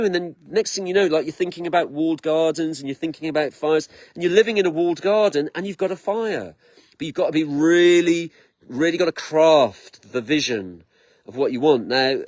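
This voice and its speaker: A middle-aged man talking excitably in a rambling vlog from his garden, repeating himself and tripping over his words. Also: fairly high pitch, a little fast, dry recording. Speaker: vlogger. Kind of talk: rambling personal vlog monologue.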